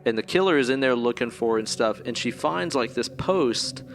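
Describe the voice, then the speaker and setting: A man's voice: mid-range voice, animated, moderate pace, slight background noise. A man co-hosting a podcast, recapping a movie in rambling casual chat, swearing freely and filling with "like" and "kinda". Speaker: podcast co-host.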